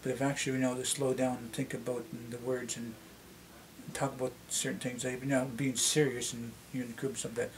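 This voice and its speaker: A middle-aged Canadian man with a slightly deep voice talks casually to the camera as a vlogger, rambling and restarting often. His tone is level and his pace brisk, with a little hiss or hum.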